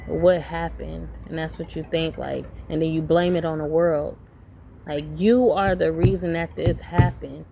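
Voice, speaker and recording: Gravelly-voiced woman preaching in a vlog. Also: deep voice, fairly even intonation, a little slow, mellow, a little hiss or hum, low-quality recording. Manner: rambling, preachy, repeats herself. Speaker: vlogger. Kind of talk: casual motivational monologue.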